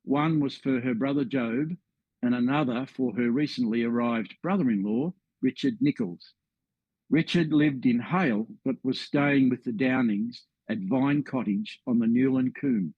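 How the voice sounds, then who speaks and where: A man's voice: medium pitch, measured pace, slightly rough, no echo, muffled recording. Australian man telling a history story. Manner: friendly, wry asides. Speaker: presenter of a history talk. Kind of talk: storytelling presentation.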